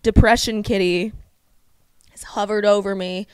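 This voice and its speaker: A young woman co-hosting a podcast in casual chat, animated and agreeable, with lots of "like" and quick yeses. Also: mid-range voice, clear, resonant tone, dry recording. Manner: animated, agreeable, many "yes" and "like" backchannels. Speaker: podcast co-host, hairstylist.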